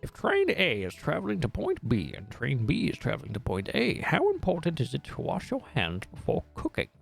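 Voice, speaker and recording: A fussy talking dog professor, put on by a man in a cranky old-man voice. He lectures in a high, gravelly, jumpy tone, with faint guitar music underneath. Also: wildly swooping pitch, a little fast, exaggerated voice. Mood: crotchety.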